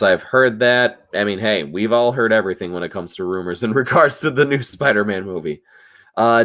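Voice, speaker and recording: Tipsy man chatting loosely with viewers. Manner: loose, swearing, swings between low mutters and excited outbursts. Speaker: livestream host reading chat. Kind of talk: casual after-show chat.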